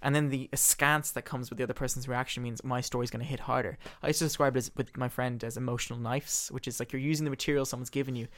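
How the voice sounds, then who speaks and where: Fast-talking man retelling a play. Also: mid-range voice. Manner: animated storyteller, quick and expressive. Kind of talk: casual discussion retelling a play.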